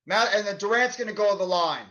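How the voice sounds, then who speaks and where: A man doing fan play-by-play of a basketball game, shouting on big plays and fuming at the referees. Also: high-pitched, fast, muffled recording. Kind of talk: live play-by-play commentary.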